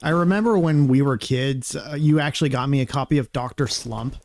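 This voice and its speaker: Relaxed man chatting along on a stream. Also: medium pitch, a little fast. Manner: relaxed, rambling, storytelling asides. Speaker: co-host and relative. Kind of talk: casual chat on a stream.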